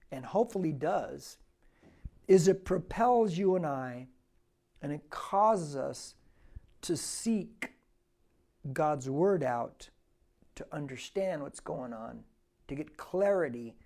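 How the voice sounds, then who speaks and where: A man's voice: a little high, lively intonation, slow pace, long pauses, darkish tone. A man preaching verse by verse as a pastor, chatting with his listeners, asking them questions and reading scripture aloud with rising force. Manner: conversational, asks the listeners rhetorical questions. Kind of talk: verse-by-verse sermon.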